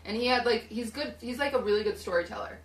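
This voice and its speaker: A woman's voice: a little high, fast. Young woman rambling through a story in a roomy shed. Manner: rambling, filler-heavy, animated retelling. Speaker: streamer. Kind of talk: casual storytelling chat. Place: small hot shed used as a podcast studio. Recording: roomy, distant mic.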